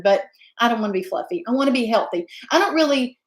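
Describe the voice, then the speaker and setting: A woman's voice: a little high, fast, reverberant. A woman, hosting a casual live stream and chatting effusively as she greets viewers by name. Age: 50s. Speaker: livestream host.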